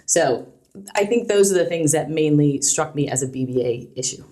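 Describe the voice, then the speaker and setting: A woman's voice: deep voice, animated, normal speed, dark tone. A middle-aged woman, a guest on an interview show, talking frankly and animatedly about her work and acting out quotes as she tells stories. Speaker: guest, alumni relations director. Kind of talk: casual conversational interview.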